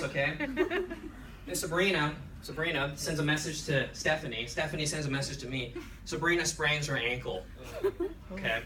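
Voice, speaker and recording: Animated male storyteller, echoey room. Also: a little high. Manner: lively, repeats "okay" to the audience. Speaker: presenter. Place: lecture room. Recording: echoey room, far mic, noisy.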